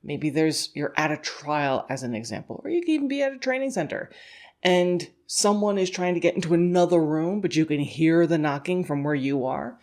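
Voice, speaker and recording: A woman's voice: low voice, expressive, normal speed, darkish tone. A woman hosting a dog-training podcast, talking casually and laughing often as she acts out a dog's thoughts in little quoted voices. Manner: conversational, thinks aloud with "you know" and "like". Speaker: dog scent work instructor and podcast host. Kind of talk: casual instructional podcast talk.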